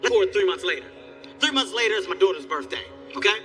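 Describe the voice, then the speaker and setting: High, bright, animated stand-up comedian. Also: male voice, fast. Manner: animated, profane, exasperated storytelling. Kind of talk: stand-up storytelling. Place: live comedy venue. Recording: distant live stage recording with faint music.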